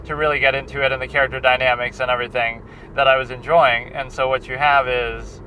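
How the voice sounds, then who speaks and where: A man's voice: medium pitch, level tone, fast, pushed and bright, slight background noise. Rambling man vlogging outdoors. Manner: meandering, many restarts and fillers. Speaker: film critic vlogger. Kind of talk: rambling casual vlog chat. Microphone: handheld recorder.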